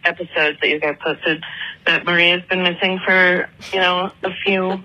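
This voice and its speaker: A woman in her twenties from Atlanta leaves a chatty voicemail as a listener calling in, telling a story loaded with "like" and other fillers. Her voice is on the low side, pushed and bright, with fairly even intonation at a moderate pace. The recording is muffled.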